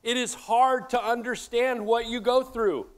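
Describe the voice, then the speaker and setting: A middle-aged man preaching a sermon, animated and joking, talking straight to his congregation. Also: extremely high pitch, a little slow. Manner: animated, jokey, addresses audience directly. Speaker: pastor.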